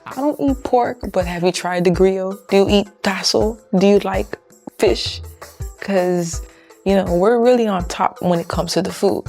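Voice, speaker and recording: A woman from Haiti teaching phrases in a casual, chatty lesson, repeating each one slowly for learners. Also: mid-range voice, vocal fry, darkish tone, soft background music. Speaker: language teacher.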